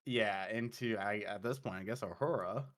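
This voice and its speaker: A player chatting excitably during a tabletop role-playing game, laughing a lot. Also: medium pitch, normal speed. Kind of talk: casual tabletop game chat.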